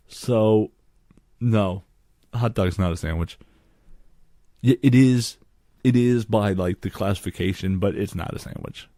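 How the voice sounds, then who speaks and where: Gravelly deep-voiced man hosting a podcast. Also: unhurried, pauses often, warm tone, no echo, clean studio sound. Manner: profane, rambling and jokey. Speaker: podcast host. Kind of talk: casual solo podcast Q and A.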